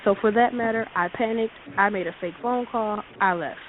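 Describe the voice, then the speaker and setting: A woman calling in to a radio show, telling a date story in a lively way and acting out what people said. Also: medium pitch, a little fast. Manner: animated, laughing, acts out quotes. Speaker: caller. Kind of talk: casual storytelling on call-in radio. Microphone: phone. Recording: tinny phone line with faint hiss.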